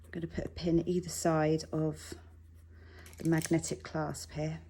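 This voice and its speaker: Woman, sewing teacher, husky, lowish voice, chatty and reassuring. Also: level tone, measured pace, dark tone. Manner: chatty, reassuring, self-deprecating asides. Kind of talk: relaxed tutorial talk while working. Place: home sewing room.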